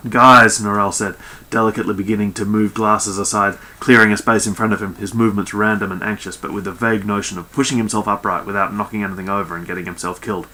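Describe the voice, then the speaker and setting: A man's voice: fairly low pitch, level tone, fast, sharp tone. A man reading a science fiction novel aloud, breaking off for sarcastic asides and swearing. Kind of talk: comedic book reading with snarky asides.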